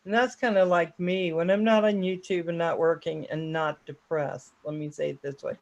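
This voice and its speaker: A man's voice: fairly high pitch, fairly even intonation, normal speed, gravelly, dull audio. A man hosting a casual online chat show, talking in a rambling, chatty, self-deprecating way. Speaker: host.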